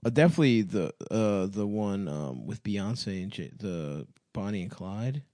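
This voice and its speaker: A man speaks with a lively, swooping pitch as he makes blunt, crude jokes on a podcast. He laughs easily. The recording is dry. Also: measured pace, no room sound. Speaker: podcast co-host. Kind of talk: crude comedic banter.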